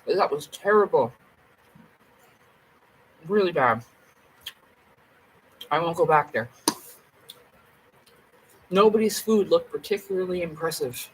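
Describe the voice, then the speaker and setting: A woman's voice: lowish voice, expressive, slow, pauses often, slight background noise, low-quality recording. Blunt, rambling woman vlogging. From Canada. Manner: blunt, rambling, swears freely. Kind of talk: casual chat to camera.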